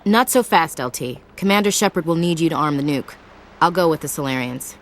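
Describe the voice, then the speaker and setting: A woman's voice: sits low, a little fast, lightly acted. An actress playing a tough, blunt female marine gunnery chief in a video game, with a sardonic soldier's way of talking.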